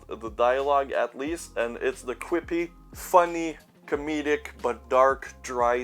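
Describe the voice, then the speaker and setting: A young man chatting casually about his collection, rambling and sarcastic, swearing now and then. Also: medium pitch. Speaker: YouTuber reviewing his movie collection. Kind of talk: casual chat.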